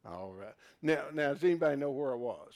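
Expressive, brisk, and gravelly, this man's sermon to a live congregation veers from loud emphasis to quiet, low asides. He calls the crowd folks.

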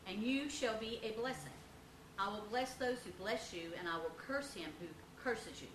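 A woman reading scripture aloud in a Bible class, quiet and quick. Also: mid-range voice, expressive, slight background noise, rough recording.

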